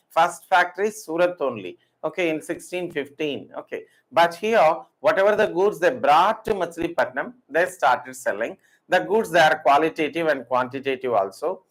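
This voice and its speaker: A man's voice: fairly high pitch, poor audio. A man from Andhra Pradesh, teaching a history class, repeating key dates and names and quizzing his students. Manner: asks questions to the class. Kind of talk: classroom lecture.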